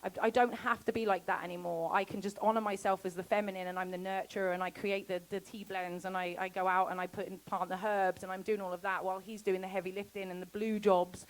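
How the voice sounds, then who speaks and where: A woman giving a casual festival talk about homesteading, chatty and quick to laugh, acting out quoted conversations. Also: mid-range voice, level tone, poor audio. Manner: chatty, laughs often, acts out quoted exchanges. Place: festival talk before an audience.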